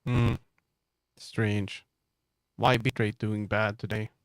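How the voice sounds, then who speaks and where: A man's voice: lowish voice, little pitch movement, slow, no echo, clean studio sound. A man streaming live, chatting casually and muttering to himself as he troubleshoots. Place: home streaming setup.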